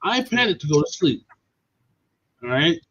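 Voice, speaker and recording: A man hosting a podcast, telling stories in a casual, animated and profane way. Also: fairly high pitch, normal speed, slightly rough. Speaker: podcast host. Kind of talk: casual storytelling chat. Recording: dull lo-fi stream audio.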